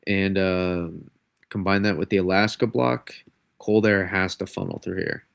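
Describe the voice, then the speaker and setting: A man's voice: deep voice, fairly even intonation, unhurried, vocal fry, clean tone, dry recording, clean studio sound. A man forecasting weather on a live stream, rambling and restarting his sentences, stuffy and under the weather with a cold. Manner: rambling, self-correcting, casual. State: congested from a cold.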